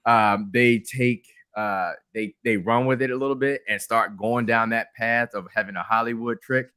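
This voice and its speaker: A man's voice: mid-range voice, fairly even intonation, moderate pace, bright, forceful tone, clear, resonant tone, no echo, studio quality. A man co-hosting a podcast, chatting casually about wrestling, rambling with many fillers and restarts. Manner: rambling, lots of fillers and restarts, laughs easily. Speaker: podcast co-host.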